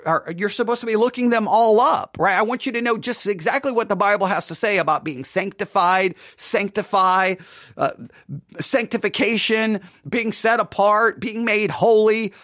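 A woman leads a relaxed podcast Bible lesson in a dry, close recording. She talks it through conversationally and keeps checking in with her listeners. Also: on the high side, no room sound. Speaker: Bible study teacher and podcast host.

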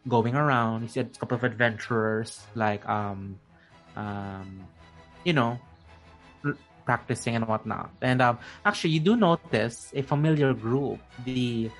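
Male game master, casual halting narration, mid-pitched, loose and rambling. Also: soft background music. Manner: rambling, halting, many fillers.

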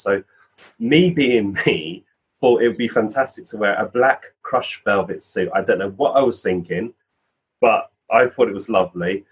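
A man recounts a personal experience as a podcast guest. His voice sits a little low and has a husky edge. He tells it casually and animatedly. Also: moderate pace, low-quality recording. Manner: animated storyteller acting out quoted voices. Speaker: physical medium, guest. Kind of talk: casual conversational storytelling.

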